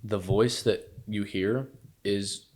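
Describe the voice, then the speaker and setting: Low-voiced man chatting about movies. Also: slow. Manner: animated, quotes film lines in retelling. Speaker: podcast co-host. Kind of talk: casual movie review chat.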